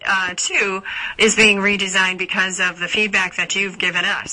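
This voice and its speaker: A woman's voice: mid-range voice, sharp tone, low-quality recording. A woman hosting a live business coaching call for members, chatty and full of fillers and restarts.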